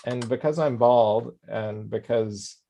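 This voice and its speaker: A man's voice: medium pitch, slow pace, vocal fry, warm tone. A man hosting a casual craft livestream, joking around and reading out viewer comments. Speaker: host. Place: Orlando.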